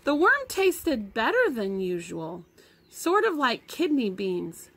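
A woman teacher reading a novel aloud to her class in expressive storytelling, recorded at home for a lesson. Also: on the high side, slow, rough recording.

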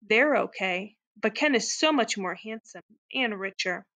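A woman's voice: medium pitch, lively intonation, measured pace, sharp tone, highs cut off. A woman voicing a cool, vain female fashion doll in a read-aloud storybook. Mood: haughty. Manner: cool and haughty.

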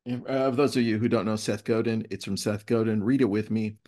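A man's voice: fairly low pitch, fairly quick. A man hosting a casual webinar, telling stories with energy and reading passages aloud. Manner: animated storyteller, reads passages aloud. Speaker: webinar host.

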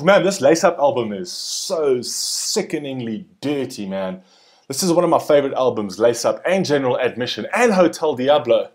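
A young adult man giving excited, chatty reaction commentary, often tacking "man" onto his sentences. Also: medium pitch, normal speed, faint music behind. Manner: hyped and chatty, often ending phrases with "man". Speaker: music reaction host.

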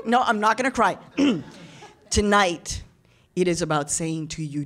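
A woman's voice: lowish voice, animated, measured pace, pauses often. A woman delivering a passionate keynote speech, mixing in Spanish phrases and acting out quoted voices. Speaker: keynote speaker. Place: large event hall with audience.

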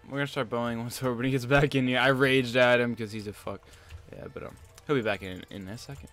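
A young man commentating his own game, excitable and swearing, with bursts of loud disbelief, on a headset mic at his computer. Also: mid-range voice, quick pace. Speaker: gaming channel host. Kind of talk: Let's Play commentary.

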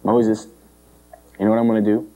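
A man acting out God as a calm, sympathetic male figure, speaking low, quiet and folksy in a sermon. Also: moderate pace, highs cut off, lightly acted.

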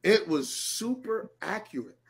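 A man co-hosting a casual podcast, animated and talking in quick bursts. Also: sits high, vocal fry, husky. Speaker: podcast co-host.

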